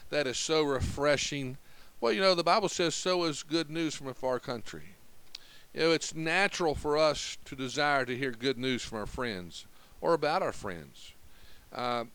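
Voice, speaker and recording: An earnest male preacher teaches through scripture in a plain, conversational way. His voice is smooth and clear, sitting slightly high for a man. The sound is close and dry, with no room around it. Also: a bit bright, no echo, low-quality recording. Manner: earnest, conversational Bible teaching with acted-out quotes. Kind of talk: sermon.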